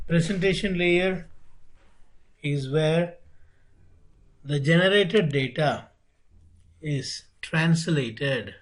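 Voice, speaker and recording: A man teaching networking in an online lecture. He speaks deliberately, repeats key phrases and asks rhetorical questions. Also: a little high, low-quality recording. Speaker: networking instructor.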